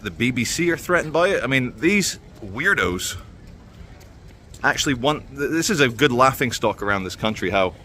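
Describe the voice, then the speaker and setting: A man's voice: medium pitch, bright, forceful tone, slight background noise. An English man ranting sarcastically on an outdoor street vlog, heated and rambling. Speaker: vlogger. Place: outdoors at a broadcaster's building.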